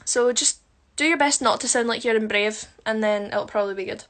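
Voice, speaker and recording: A woman's voice: fairly high pitch, a little fast, few pauses, a bit bright. A woman chatting casually on a phone livestream at home, self-mocking and answering viewer questions while doing her makeup. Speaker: musical theatre performer.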